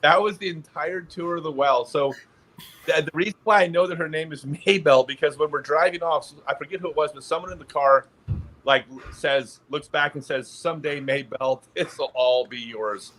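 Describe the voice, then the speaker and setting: A man with a slightly high voice and a brisk delivery appears as a guest on a podcast. He's telling an anecdote in casual conversation, animated throughout, with laughs popping up in the middle of his sentences.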